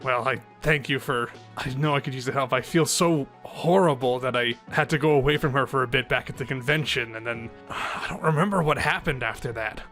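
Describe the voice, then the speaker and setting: A man voicing a wary wrestler father who is guarded and speaks in a measured way. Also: medium pitch, a bit bright, faint music behind, lightly acted. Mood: earnest.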